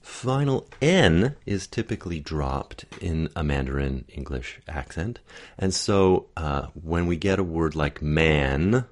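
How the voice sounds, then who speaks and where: Male dialect coach, very low voice, patient explanatory delivery with spoken demonstrations. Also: expressive, slow. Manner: explanatory, demonstrates sounds aloud. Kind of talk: accent coaching lesson.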